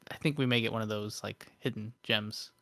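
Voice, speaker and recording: A man's voice: on the low side, steady tone, fairly quick, creaky, sharp tone. A young man co-hosting a gaming podcast, hesitant and thoughtful, often restarting his sentences. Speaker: podcast co-host. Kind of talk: casual gaming chat.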